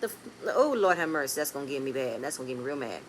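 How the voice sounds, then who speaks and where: A woman recapping a reality TV episode in a casual, blunt, animated way, with speech. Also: a bass voice, rapid-fire, a little hiss or hum. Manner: animated, blunt and swearing, swings between loud and quiet.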